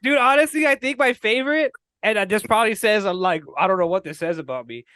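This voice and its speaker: A man co-hosting a podcast, talking casually and profanely, acting out movie scenes with lively energy. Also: sits high, fast talker, smooth, no echo, studio quality. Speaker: podcast co-host. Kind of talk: casual chat.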